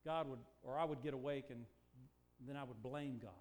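An older man preaching a sermon, moving from quiet, reflective talk to slow, emphatic declarations. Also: mid-range voice, fairly even intonation. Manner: preaching, swings from hushed to emphatic, stretched slow phrases. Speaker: pastor.

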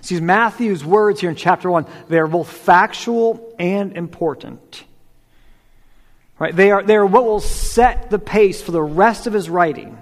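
A man's voice: high voice, a little slow. A man in his thirties preaching a sermon in a casual, conversational way, asking the congregation questions and repeating "right?". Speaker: pastor. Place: church hall. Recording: long hall reverb.

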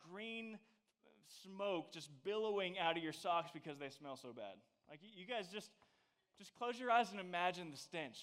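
A high-pitched male youth preacher tells stories in an animated, playful way. He exaggerates for effect and keeps the tone loose and casual.

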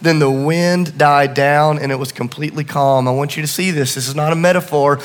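A middle-aged male pastor with a high voice preaches in a large church auditorium. He swings between quiet, close asides and rising, urgent passages. His words ring out with a long, hall-like reverb. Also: fairly even intonation, brisk. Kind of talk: sermon.

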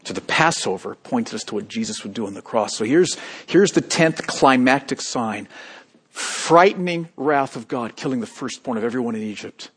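Husky-voiced preacher with sweeping dynamics. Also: male voice, medium pitch, expressive, moderate pace. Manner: dynamic preaching, swinging from hushed to loud and emphatic. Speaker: pastor. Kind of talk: sermon.

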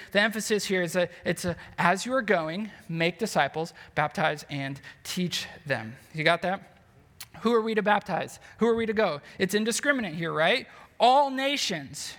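Earnest high-voiced male preacher. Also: fairly bright tone, long reverb tail. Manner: earnest preaching with rhetorical questions and frequent fillers. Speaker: pastor. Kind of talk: sermon.

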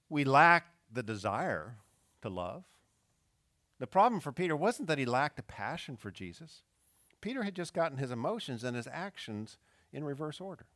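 Male preacher, mid pitch, dry close sound, storytelling sermon that acts out quotes. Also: fairly bright tone, no room sound. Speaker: pastor.

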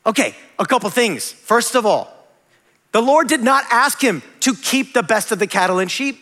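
A man preaching in a high, bright, forceful voice that swings widely in pitch. He talks in a conversational way, catching his own slips and dropping in small jokes. The sound carries a long reverb from a large church hall. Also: lively intonation, moderate pace. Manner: conversational, self-correcting preaching with humorous asides. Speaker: pastor. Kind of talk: sermon.

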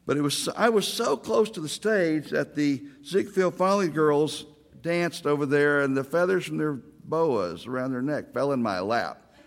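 A man's voice: a little high, unhurried, gravelly, long reverb tail. A middle-aged man from Oklahoma, a pastor giving a sermon, telling stories with self-deprecating humor.

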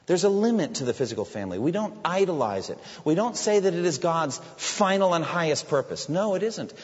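A man preaching a sermon, expressive, dropping low and quiet when he quotes Jesus. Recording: dull echoey hall recording.

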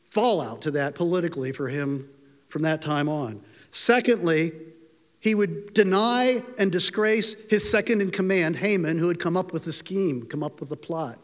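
A man with a high, light voice preaches a sermon, telling the story with feeling and acting out the quoted lines. His voice rings through a hall with a long echo.

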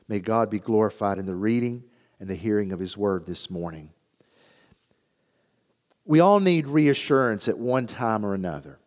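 An older man, reading scripture and preaching a sermon, earnest in his storytelling and dropping low and soft on solemn lines. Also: expressive, moderate pace, pauses often, in a large hall. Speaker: pastor.

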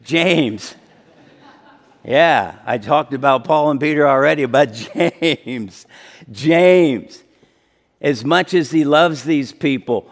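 A man preaching a sermon as pastor, deliberate and building to emphatic intensity. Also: fairly high pitch, in a large hall.

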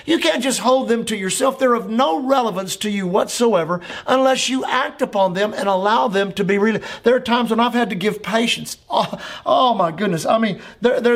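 High-voiced man preaching a sermon. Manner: emphatic, repetitive preaching cadence. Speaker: pastor. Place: church.

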